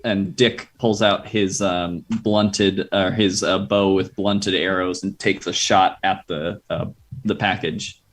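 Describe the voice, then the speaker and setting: Male player, lower voice, halting, methodical. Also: flat delivery. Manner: hesitant, halting with uhs. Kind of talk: casual tabletop play.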